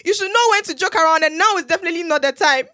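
A woman plays an anguished Ghanaian mother, her high voice tight and bright as she frets over her sick son. She swings between scolding and tears. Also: very fast. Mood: exasperated. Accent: Ghanaian English. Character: distraught mother, Auntie Julie.

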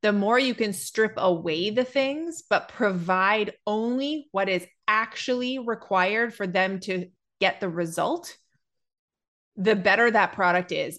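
A woman speaking as a business coach in a casual podcast conversation, explaining in a measured, thoughtful way with pauses. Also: mid-range voice, fairly bright tone.

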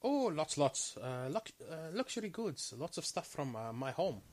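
Guy doing a sly trader voice, broken english, bouncy up and down pitch, keeps repeating stuff. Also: expressive, normal speed, close to an everyday voice. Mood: wheedling. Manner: broken grammar, haggling, repeats words.

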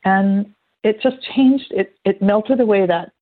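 A woman's voice: mid-range voice, measured pace. Chatty woman on a tinny line. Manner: chatty, animated storytelling with acted-out quotes. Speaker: guest. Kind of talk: casual conversational interview. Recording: phone-like narrow band.

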